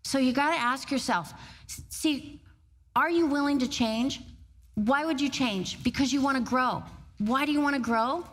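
A middle-aged woman giving a motivational talk on stage, storytelling in an animated way and laughing often. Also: sits high, moderate pace. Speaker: motivational speaker.

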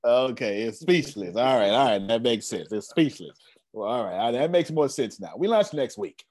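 A man hosting a team meeting over a video call, his pitch rising and falling freely as he talks. He speaks in a loose, slangy way, teasing his listeners and repeating phrases for emphasis. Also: normal speed. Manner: animated, slangy, teasing and repetitive. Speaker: host leading an online team meeting. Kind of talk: casual motivational team call.

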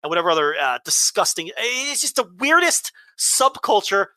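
A man's voice: high voice, sing-song, normal speed, bright, forceful tone, dry recording. A man hosting a wrestling podcast, ranting bluntly with heavy swearing and exasperation. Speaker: podcast host. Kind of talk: casual chat, ranting.

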